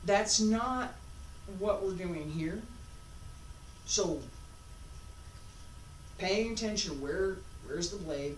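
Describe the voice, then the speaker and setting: A woman's voice: on the low side, slow, pauses often, slight background noise. A woman teaching a martial arts class as she demonstrates, thinking aloud with rhetorical questions. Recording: roomy sound from a distant mic.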